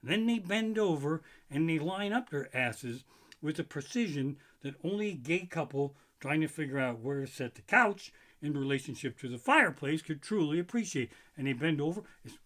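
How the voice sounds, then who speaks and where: Guy doing a sweary standup rant, kinda high voice, mocks people he quotes. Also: animated, moderate pace, a bit bright. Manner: profane, ranting, mocking quoted voices. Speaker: stand-up comedian. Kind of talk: stand-up comedy routine.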